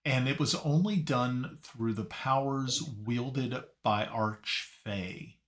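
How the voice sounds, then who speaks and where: A man narrating a tabletop game as game master, halting and searching for his words. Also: medium pitch, fairly bright tone.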